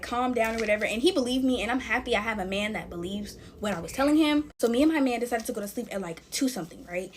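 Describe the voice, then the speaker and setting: Chatty woman storyteller, higher voice, casual storytime delivery to her viewers. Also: a little hiss or hum. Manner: chatty, talks straight to viewers. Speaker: storytime vlogger. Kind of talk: casual scary storytime while making slime.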